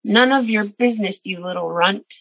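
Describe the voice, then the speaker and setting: A woman voicing a hot-tempered male yellow jacket chief who shouts back high and indignant, in a husky, bright voice. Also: normal speed, dry recording, lo-fi sound.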